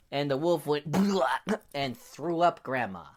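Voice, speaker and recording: A man telling an improvised children's story, playful, laughing often, swinging from hushed to loud. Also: fairly high pitch, expressive, moderate pace. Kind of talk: improvised bedtime story for kids.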